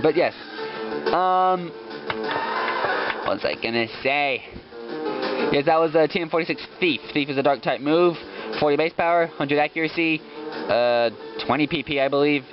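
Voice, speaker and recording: Young male let's player, higher voice, ranting and swearing over a muffled recording with game music playing behind. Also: normal speed, pauses often. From Australia. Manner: fired-up ranting, swears, rambling fillers. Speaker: let's play host. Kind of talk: casual gameplay commentary. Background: video game music.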